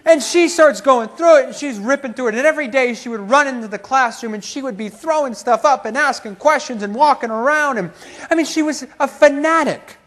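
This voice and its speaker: A man giving a motivational keynote, telling a story about himself in an animated, self-mocking way, laughing as he goes. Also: very high-pitched, a little fast. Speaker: keynote speaker. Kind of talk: motivational storytelling to a live audience.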